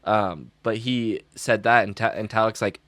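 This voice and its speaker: A man's voice: lowish voice, normal speed, dry recording. A man who advises students, co-hosting a casual podcast and telling stories with acted-out quotes. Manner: animated storyteller who acts out quotes. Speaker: podcast co-host; school advisor. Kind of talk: casual chat.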